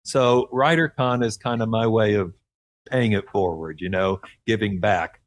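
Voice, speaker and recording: An author from Oklahoma, USA, speaks as a guest in a radio interview, earnest and encouraging with frequent light laughs. His voice is lowish and a little slow.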